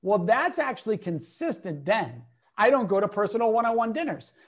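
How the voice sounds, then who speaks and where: An emphatic male speaker, a guest educator in an interview, lays out his points with lively energy and slips in acted-out quotes as he tells anecdotes. His delivery is expressive and driven. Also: sits high, normal speed. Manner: emphatic, lively, acts out quotes in different voices.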